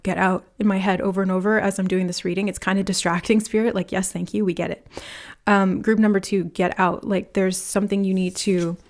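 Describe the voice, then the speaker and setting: A woman giving a pick-a-card tarot reading, talking in a lively way, full of fillers, and acting out the voices she quotes. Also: medium pitch. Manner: animated, talks with many fillers and acts out quoted voices. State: nervous, laughing from nerves. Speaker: tarot reader.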